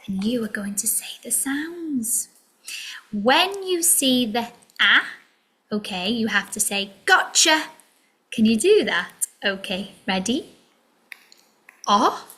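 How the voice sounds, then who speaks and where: Animated slow-paced woman teaching phonics. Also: on the high side, husky. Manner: slow, sing-song, drawn-out sounds with whispered asides. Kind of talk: children's phonics lesson.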